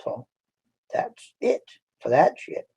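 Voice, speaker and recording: A man's voice: takes it slowly, warm tone. A man hosting a live stream, telling stories in casual chat in a blunt, boastful way. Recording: dull lo-fi stream audio.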